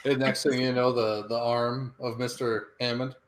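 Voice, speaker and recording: A young man co-hosts a casual podcast. His voice sits at an average male pitch, and his delivery is relaxed and easygoing. He laughs often while he answers quiz questions. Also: moderate pace. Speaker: podcast co-host.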